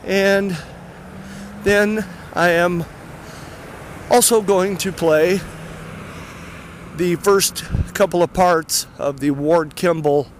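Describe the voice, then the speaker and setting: A man walking fast and a little out of breath, rambling casually with many fillers as he introduces clips. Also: high-pitched, fairly even intonation, slight background noise. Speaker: podcast host. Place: outdoors near traffic.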